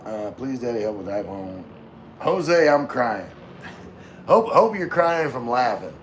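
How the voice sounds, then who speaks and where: A man reading viewer comments on a casual live stream, rambling and relaxed while drinking with his chat. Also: medium pitch, takes it slowly, slight background noise. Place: room with floor-to-ceiling window.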